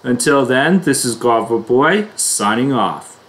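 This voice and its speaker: A man hosting his own reaction video, reading his intro and verdict in a slow, deliberate, plain way. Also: mid-range voice, lively intonation, fairly bright tone. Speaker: video reactor, channel host. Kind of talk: scripted reaction video narration.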